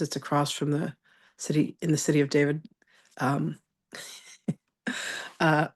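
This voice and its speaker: Low-voiced woman leading a spiritual class. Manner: warm chatty storytelling, greets attendees by name. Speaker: spiritual teacher and channel. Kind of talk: live online masterclass talk.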